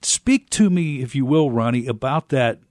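A man of middle pitch hosts an interview, laying out long, measured setups before each question. His voice is recorded close and dry. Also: animated, a little mellow, no echo. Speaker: radio show host.

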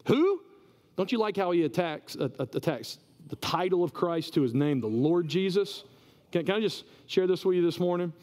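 A male pastor giving a sermon in a conversational, animated way, often repeating words as he goes. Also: high-pitched, normal speed. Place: church. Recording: reverberant church hall.

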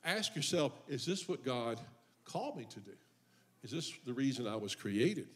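A man's voice: mid-range voice, very animated, moderate pace. An older man preaching a sermon as pastor, joking and folksy between scripture readings. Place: church.

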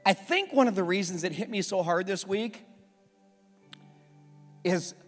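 A man in his forties preaching a sermon as a pastor, telling a candid family story, rising when worked up and going soft when reflective. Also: high voice, animated, measured pace. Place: church sanctuary. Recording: church hall with long reverb and faint music.

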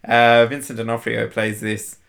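Easygoing man recapping a film, mid-pitched. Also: flat delivery, measured pace, gravelly, a bit bright. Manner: easygoing, laughing, lots of "like" and "yeah". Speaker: podcast co-host. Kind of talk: casual film chat.

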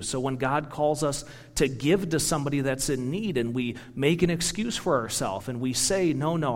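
A middle-aged man, a pastor, giving a sermon in a conversational, storytelling way with personal anecdotes. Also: medium pitch. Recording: reverberant hall.

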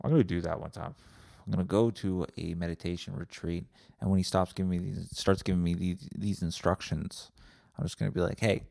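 A man rants alone into a close mic in a low, gravelly, dark voice. He is sarcastic and profane, and he keeps cutting himself off. The sound is dry, with no room echo. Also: steady tone, brisk. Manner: sarcastic, profane, self-interrupting. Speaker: podcast host. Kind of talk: solo rambling podcast rant.

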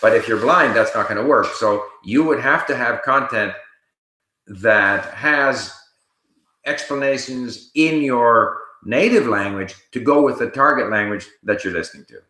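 A man hosting a casual live Q&A, reading viewer questions aloud and answering them in a relaxed, explanatory way while he thinks aloud. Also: medium pitch, unhurried, echoey room, rough recording.

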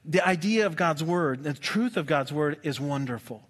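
A man preaching a sermon in a conversational, humorous way, with quick asides to the congregation. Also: fairly high pitch, animated, a bit bright. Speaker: pastor.

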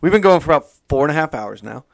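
A man's voice: on the high side, lively intonation, racing, vocal fry, dry recording, clean studio sound. A man hosting a podcast in laid-back, offhand casual chat. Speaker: podcast host.

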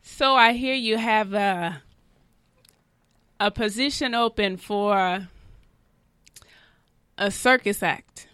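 A woman voicing a Jamaican dog walker who is applying for a circus job, pitching herself earnestly and listing things at length. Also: fairly bright tone, clean tone, no room sound. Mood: eager. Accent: put-on Jamaican. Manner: earnest, salesy job-interview pitch with drawn-out lists.

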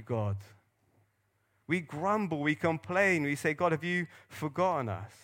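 Animated high-voiced male pastor preaching. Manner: earnest, animated storytelling with acted-out quotes. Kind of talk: sermon.

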